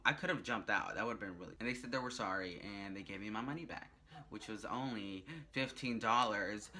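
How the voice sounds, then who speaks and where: A young man vlogging, telling a rambling story in a chatty, animated way. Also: lowish voice. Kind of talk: casual storytelling vlog.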